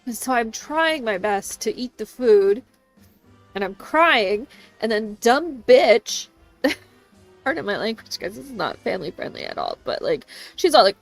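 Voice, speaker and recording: Animated high-voiced woman telling a story. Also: unhurried, vocal fry, faint music behind. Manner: animated, swears freely, laughs often. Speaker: game streamer. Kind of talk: casual storytelling to a stream chat.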